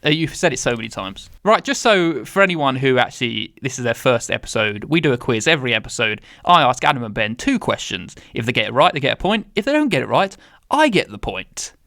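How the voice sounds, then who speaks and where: A man's voice: mid-range voice, very animated, a little fast, gravelly, pushed and bright, dry recording, clean studio sound. A man hosting a film podcast in casual, teasing chat and running its quiz.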